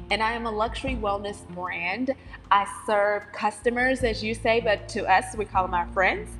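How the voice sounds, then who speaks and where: A woman's voice: mid-range voice, a bit bright, long reverb tail. A woman from North Carolina with a Southern accent, chatting emphatically and cheerfully as host of her own podcast. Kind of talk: casual solo podcast monologue.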